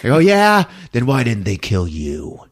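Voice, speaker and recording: A man voicing an enraged adult man, a bullying father who shouts and snarls threats. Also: medium pitch, huge pitch swings, a little slow, pitched above the performer's own voice. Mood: mocking.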